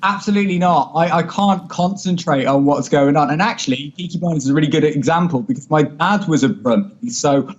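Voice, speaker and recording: Male comedian guest, wry and self-deprecating, slightly higher voice, sound a little dull. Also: brisk. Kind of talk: casual panel chat.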